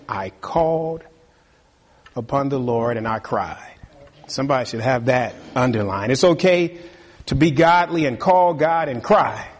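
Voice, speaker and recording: Guy preaching a sermon, kinda husky, calls out amen and reads verses. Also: mid-range voice. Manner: preaching with call-and-response, reading scripture aloud. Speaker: pastor.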